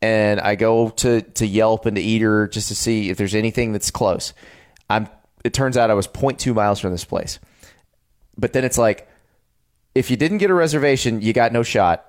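A man's voice: lowish voice, normal speed. A man in his forties co-hosting a podcast, chatting casually and telling food stories with enthusiasm. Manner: enthusiastic storyteller, animated. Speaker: podcast co-host. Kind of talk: casual chat about food and travel.

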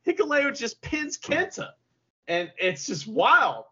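A man's voice: very high voice, big pitch swings, slow, sharp tone, slightly rough. A man co-hosting a podcast, chatting casually with playful, jokey asides. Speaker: podcast co-host. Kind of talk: casual chat. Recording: dull lo-fi audio.

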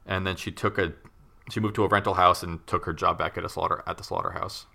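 A man's voice: sits low, little pitch movement, fast, vocal fry, bright, forceful tone. A man casually recounting a true crime story to a co-host, rambling with many fillers and wry asides.

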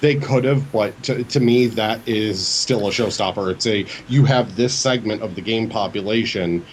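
A man co-hosting a casual gaming chat, talking quickly and emphatically as he argues his views. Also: lowish voice, slight background noise, low-quality recording. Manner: fast, emphatic and opinionated. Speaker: co-host.

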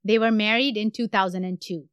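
A woman from India hosting a podcast, telling a true crime story in an animated, conversational way. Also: mid-range voice, brisk, smooth, no room sound, clean studio sound. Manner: animated, conversational, trailing off at phrase ends. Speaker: podcast host.

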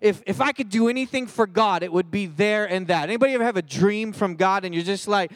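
A man with a high voice gives a comedic youth sermon to a live crowd. He is animated and jokey, addressing the listeners directly. The sound is dry, with little room echo. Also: quick pace, few pauses. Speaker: pastor.

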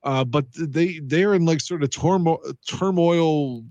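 A man's voice: a little high, slow, darkish tone, no echo, dull audio. A man co-hosting a casual sports podcast, talking through games in a wry, conversational way. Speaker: podcast co-host.

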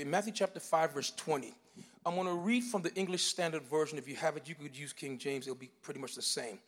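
A male pastor preaching a sermon, moving between loud, emphatic bursts and quiet, explanatory teaching. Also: high-pitched. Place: church sanctuary. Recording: long hall reverb.

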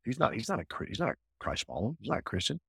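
Husky, emphatic man. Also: fairly low pitch, racing, no echo, studio quality. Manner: energetic, emphatic, repeats himself. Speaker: entrepreneur guest. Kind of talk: casual interview talk.

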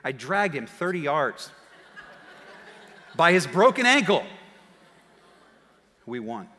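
A man preaching a sermon as pastor, telling stories in a lively way that swings from quiet asides to shouts. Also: mid-range voice. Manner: animated storytelling, shouting and quick laughs. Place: church auditorium. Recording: long hall reverb.

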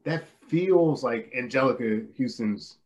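A man co-hosting a relaxed film podcast. He rambles and hesitates as he goes, restarting his thoughts. His voice sits at an ordinary middle pitch. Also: unhurried, lo-fi sound. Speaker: podcast co-host. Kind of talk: casual film discussion.

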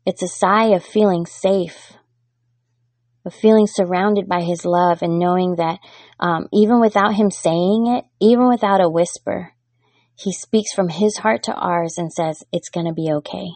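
A woman, a mother, giving a gentle, heartfelt devotional talk as host, growing fervent at times. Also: fairly low pitch, measured pace, no room sound. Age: adult with daughters.

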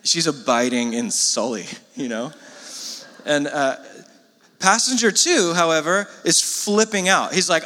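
A man's voice: fairly high pitch, measured pace, sharp tone. A man preaching a sermon to a congregation, talking to them in a casual way with frequent asides. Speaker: pastor. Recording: long hall reverb.

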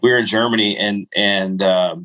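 A man's voice: on the low side, steady tone, normal speed, bright, forceful tone, rough recording. A middle-aged man hosting a podcast, rambling through casual stories and laughing at himself. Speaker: podcast host. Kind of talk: casual storytelling chat.

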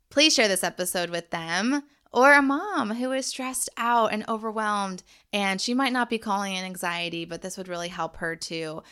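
A woman's voice: mid-range voice, pushed and bright, clean tone. A woman in her thirties hosting a solo podcast from home. She coaches parents in an earnest, encouraging, faith-based way. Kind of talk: casual solo podcast talk.

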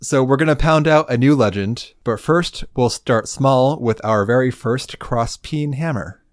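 A man's voice: mid-range voice, unhurried, dry recording. A man co-hosting a podcast in casual chat, steadily walking through the game with dry, wry remarks. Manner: steady, wry, guides the talk and reads quest lines. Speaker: podcast co-host. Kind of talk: casual gaming chat, leading the walkthrough.

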